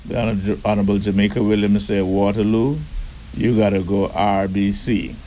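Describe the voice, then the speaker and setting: A man giving a deliberate, emphatic public address and asking rhetorical questions. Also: on the low side, fairly even intonation, dark tone, slight background noise, rough recording. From Turks and Caicos Islands.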